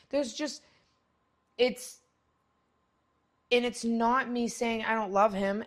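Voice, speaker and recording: A middle-aged woman hosting a podcast, talking bluntly in a rambling, profane monologue that jumps to loud, high exclamations. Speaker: podcast host. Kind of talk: casual monologue.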